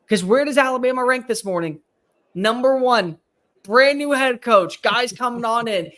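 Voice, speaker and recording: High, animated male sports talker. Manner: animated, emphatic, rapid-fire opinions. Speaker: sports talk show co-host. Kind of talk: sports talk chat.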